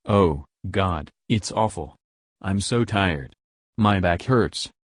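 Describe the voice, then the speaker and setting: A man reading as a gruff, weary old detective. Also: low voice, lively intonation, takes it slowly, no room sound, clean studio sound, exaggerated voice. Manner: exasperated, growling.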